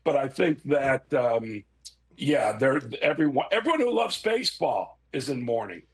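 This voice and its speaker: A man's voice: mid-range voice, normal speed, slightly rough. A middle-aged man, a guest sharing an emotional remembrance in casual chat. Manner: emotional, expressive, tearful at times.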